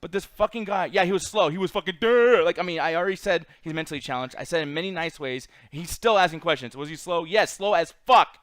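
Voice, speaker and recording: A man's voice: fairly high pitch, fast, few pauses, fairly bright tone, dry recording. A young man hosting a chat show, telling a rambling, profane story in a blunt, casual way. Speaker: podcast host.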